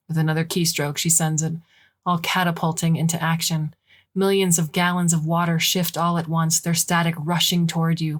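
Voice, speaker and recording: A woman reading a short story aloud as a podcast narrator, in an unhurried, deliberate way with soft, hushed line endings. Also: deep voice.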